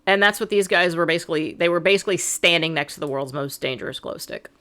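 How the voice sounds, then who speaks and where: Low-voiced sarcastic woman podcaster. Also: quick pace, bright, forceful tone. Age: middle-aged. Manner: sarcastic, explains events step by step. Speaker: podcast co-host. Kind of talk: casual podcast chat.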